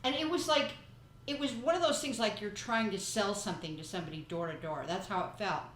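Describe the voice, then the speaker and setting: A woman's voice: mid-range voice, brisk, a bit bright, echoey room, slight background noise, poor audio. A woman hosting a podcast, talking in a chatty, rambling way and telling stories casually. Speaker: podcast host. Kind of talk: casual chat.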